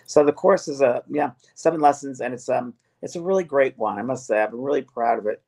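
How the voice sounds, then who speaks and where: A man co-hosting a spiritual talk show, speaking in a soft, reflective, unhurried way. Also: medium pitch. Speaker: co-host and spiritual medium. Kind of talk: casual chat.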